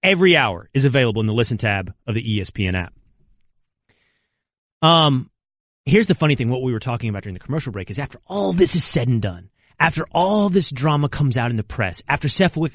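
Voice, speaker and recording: A man hosting a sports talk radio show in a studio, ranting in mock outrage with loud exclamations. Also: medium pitch, sing-song, fairly quick, no room sound. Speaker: radio host. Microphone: close studio mic.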